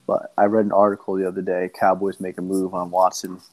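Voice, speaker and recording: Rambling young man, deep voice. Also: completely flat delivery, brisk. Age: young adult. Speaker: podcast co-host. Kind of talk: casual chat.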